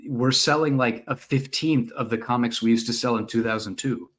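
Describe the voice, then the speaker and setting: A man's voice: mid-range voice, normal speed, a bit bright. Skeptical guy on a comics podcast, keeps arguing, trails off a lot. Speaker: podcast co-host. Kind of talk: casual comic book discussion.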